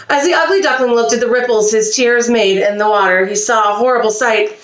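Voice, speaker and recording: Expressive woman reading a storybook aloud. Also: on the high side, brisk, few pauses, echoey room. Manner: expressive, animated reading with small slips. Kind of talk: reading a picture book aloud. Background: a child nearby.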